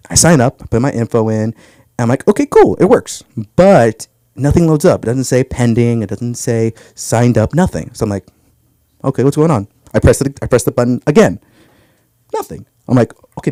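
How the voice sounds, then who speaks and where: A young man tells a stand-up story at an open mic, his pitch swinging up and down as he acts out his own reactions. The sound is close and dry, picked up by a handheld stage mic. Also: dry recording, rough recording. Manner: animated, jumps into high voices for his own quotes. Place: comedy club stage.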